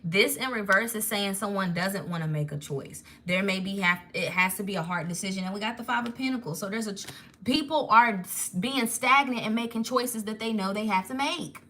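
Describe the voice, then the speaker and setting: A woman leads a live spiritual tarot reading with a bright, forceful voice. She talks in an animated, rambling way and gets emotional, often stopping to follow a new thought. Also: medium pitch, a little fast. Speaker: tarot reader.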